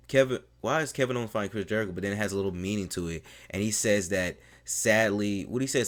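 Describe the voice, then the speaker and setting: A man with a low, deep voice talks casually through a review like an eager fan. He strings his thoughts together loosely, leaning on fillers like "man" and "you know.". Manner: mimics the people he quotes in a raised voice. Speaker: wrestling show reviewer.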